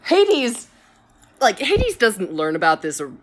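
A woman's voice: mid-range voice, huge pitch swings, slow. A woman telling a story in a casual, rambling way, with many fillers and self-corrections.

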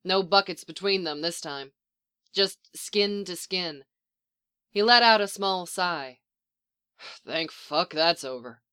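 Bright, crisp storytelling narrator. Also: mid-range voice, slow pace, pauses often. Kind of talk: audiobook reading of fan fiction.

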